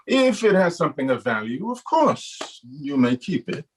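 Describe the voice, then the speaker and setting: A man voicing a stern male official who questions a hunter in clipped, measured lines during a recorded voice-acting session. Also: fairly high pitch, sing-song, a little hiss or hum, rough recording. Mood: firm.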